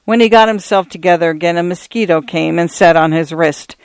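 A man reading a literary story aloud in a measured, even storytelling manner. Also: a little high, clean tone, no echo. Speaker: narrator.

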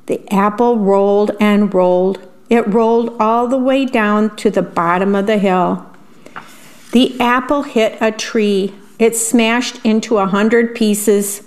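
Lady reading a bedtime story slow, voice a bit high. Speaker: volunteer radio reader.

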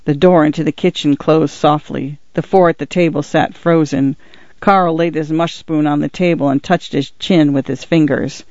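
A man narrates an audiobook in a measured, even way, his voice a little high for a man. The recording sounds dull and lo-fi and completely dry, with no room sound. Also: no room sound.

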